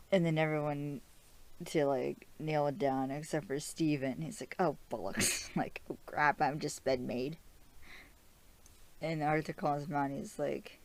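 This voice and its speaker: Laid-back low-voiced young woman recapping. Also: darkish tone. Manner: chatty and rambling, with many fillers and frequent laughs. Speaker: podcast host. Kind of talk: casual TV episode recap.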